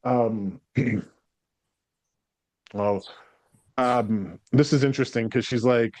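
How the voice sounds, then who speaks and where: A man's voice: mid-range voice, slow pace, darkish tone, no echo. A man in a mid-range voice gives a psychic reading, rambling and hesitant with many fillers, and cheerfully swears when passing on messages. The sound is dry and close. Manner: rambling, hesitant, frequent ums and likes, swears when relaying spirits. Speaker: psychic medium. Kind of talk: spirit reading to a sitter.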